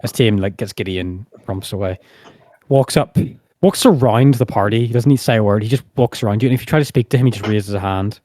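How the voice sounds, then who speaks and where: A man runs a tabletop game and narrates in a relaxed, casual way. His voice is low and mellow. It sounds dry and close to the mic. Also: fast talker, no echo. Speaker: game master.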